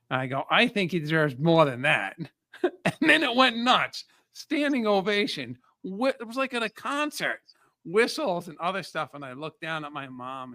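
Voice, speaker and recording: A man who is a podcast guest and motivational speaker, telling personal stories in an energetic, emotional way with frequent restarts. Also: a little high, no room sound, studio quality. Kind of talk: casual chat, personal storytelling.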